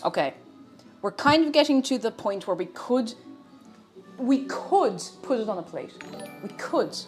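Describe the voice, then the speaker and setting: A woman's voice: on the high side, very animated, a little slow, darkish tone, faint music behind. A woman streamer, chatting casually while cooking on a live stream, playful and often breaking off mid-sentence. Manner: chatty, self-interrupting, playful.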